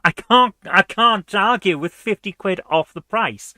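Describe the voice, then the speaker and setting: A woman's voice: medium pitch, a little slow, pushed and bright, no echo. Chatty woman streamer, dry sound. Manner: chatty, upbeat, laughs easily. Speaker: host of a live retro gaming stream. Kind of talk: casual live-stream chat, reading viewer comments.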